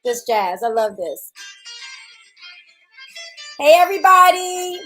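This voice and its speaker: A chatty woman host with a very high, bright-sounding pitch greets her live viewers one by one. She takes her time, drawing words out at an easy, unhurried pace. Faint jazz plays quietly in the background. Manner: playful and chatty, greets viewers by name, laughs often. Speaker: host of a live morning chat show. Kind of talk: casual live-stream chat. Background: faint jazz music.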